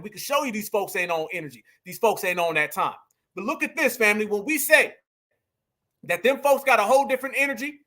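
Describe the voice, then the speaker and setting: Fired-up high-voiced male commentator. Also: bright, forceful tone. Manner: emphatic, preachy, repeats lines for punch. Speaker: commentary show host.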